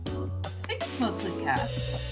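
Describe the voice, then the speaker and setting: A woman hosting a stream while drawing, upbeat and a little halting. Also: mid-range voice, huge pitch swings. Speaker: stream host and artist. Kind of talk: casual chat. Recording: faint background music.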